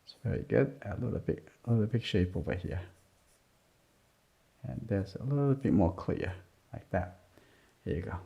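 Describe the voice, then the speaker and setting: A man teaching a drawing lesson as he works, talking softly in short, simple, broken phrases. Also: on the low side, lively intonation, normal speed, vocal fry, pauses often. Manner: soft-spoken, murmuring, simple broken phrasing. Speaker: art teacher. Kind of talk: drawing lesson narration while working. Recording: dull lo-fi sound.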